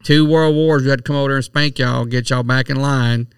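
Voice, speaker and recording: A man trades crude, teasing podcast banter in a gravelly yet smooth voice. He sits a little back from the mic, and the sound is dry and close-walled. His pitch sits in the middle of the range. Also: fairly even intonation, a little fast, no echo, recorded from a distance. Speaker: podcast co-host.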